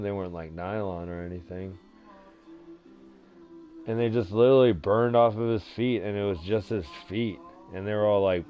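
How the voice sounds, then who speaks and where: A young man rambling crudely through a casual story, swearing constantly and stumbling over fillers. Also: fairly low pitch. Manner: profane, crude, loose storytelling with many fillers. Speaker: vlogger. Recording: dull lo-fi sound with faint music.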